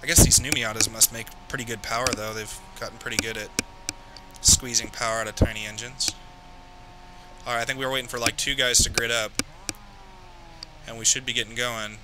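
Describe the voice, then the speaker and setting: On a very noisy recording with loud music, a man with a medium, fairly flat voice streams a racing game, speaking quickly but with long pauses. He mutters to himself while driving and grumbles angrily about a crash.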